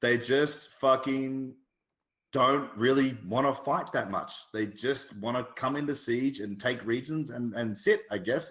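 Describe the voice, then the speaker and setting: A man on a casual podcast, talking bluntly and with lots of profanity, telling animated stories. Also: medium pitch. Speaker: podcast guest. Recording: roomy echo.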